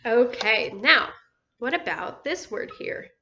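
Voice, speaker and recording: A woman teaching phonics to young children, speaking slowly and patiently and stretching out each syllable. Her voice sits a little high and sounds bright. The recording is dull and lo-fi. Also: sing-song, vocal fry, slight background noise. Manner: slow, patient, drawn-out words with encouraging praise. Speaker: first grade teacher.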